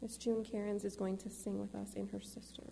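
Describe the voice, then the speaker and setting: A woman's voice: medium pitch, level tone, normal speed, creaky, mellow, slight background noise. A woman presenting tributes at a church service, with hesitant asides between readings, in a reverberant hall. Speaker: program presenter.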